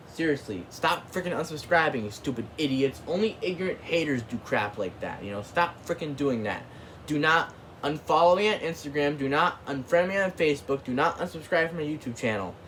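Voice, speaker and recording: A man's voice: a little high, a bit bright, a little hiss or hum. A man hosting his own channel, ranting casually in a rambling way, full of filler words and mild cursing. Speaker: channel host.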